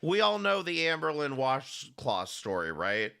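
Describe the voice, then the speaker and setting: This livestream commentary host has a mid-range voice that's creaky yet bright, forceful and clean, and he speaks in an unhurried but very animated way. He chats sarcastically and casually, calls out viewers by name, and wanders through restarts and curse words.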